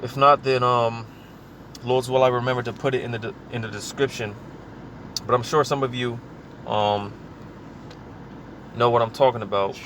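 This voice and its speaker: A man teaching scripture in a loose, conversational way, peppering his talk with "man" and "you know". He slows right down when he reads verses aloud. His voice sits at an ordinary pitch, with faint traffic sounds behind him. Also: steady tone, a bit bright. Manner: casual, repeats filler words like "man" and "you know". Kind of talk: informal preaching.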